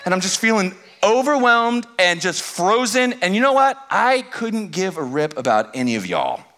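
A man's voice: high voice, very animated, moderate pace, bright, forceful tone. A man in his thirties, a pastor telling a self-deprecating story in his sermon, acting out his exasperation in bursts.

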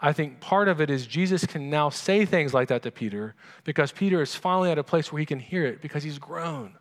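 A man's voice: fairly high pitch, lively intonation, fairly quick, big-room sound. A pastor preaching a sermon in a conversational way, asking his congregation questions.

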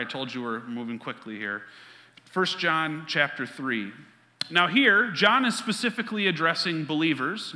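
A man preaching a sermon as pastor, emphatic, repeating key lines, with quick asides. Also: on the high side, bright, forceful tone. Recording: long reverb of a large hall.

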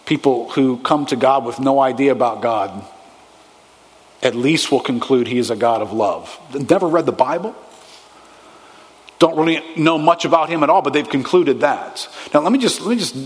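A man preaching a sermon as pastor, emphatic, pushing stressed words up high and then dropping low. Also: big-room sound. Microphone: handheld or headset microphone.

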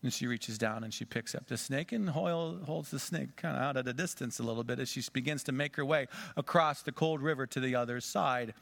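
A man's voice: medium pitch, brisk, creaky, few pauses. Male pastor, forties, dramatic sermon storyteller. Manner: dramatic storytelling, varying loudness and pace.

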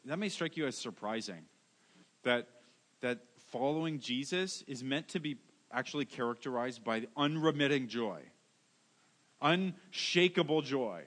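High-voiced emphatic preacher man. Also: fairly bright tone. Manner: emphatic, repeats key words, self-mocking asides. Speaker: pastor. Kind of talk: sermon.

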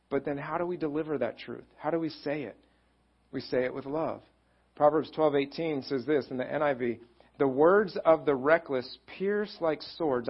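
A man's voice: a little high, husky, lo-fi sound. A man preaching a conversational sermon as a pastor, with self-deprecating humor.

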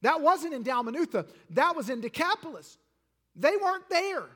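A high-voiced pastor preaches with animated swings from loud declarations to hushed lines. His voice carries a long reverb through a church hall. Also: moderate pace. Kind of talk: sermon.

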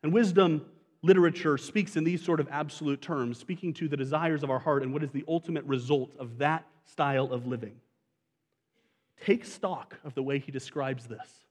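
A man preaches to his congregation in an easy, conversational way, often putting questions to the listeners. His voice sits a little on the high side. The sound carries the long reverb of a church sanctuary. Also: normal speed. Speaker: pastor. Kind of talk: sermon.

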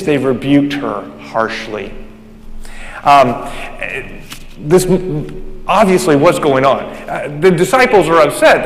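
A man preaching a sermon in a church, animated and emphatic, with frequent restarts, speaking into a microphone. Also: fairly high pitch, in a large hall. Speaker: pastor. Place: church sanctuary. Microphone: handheld or stand microphone.

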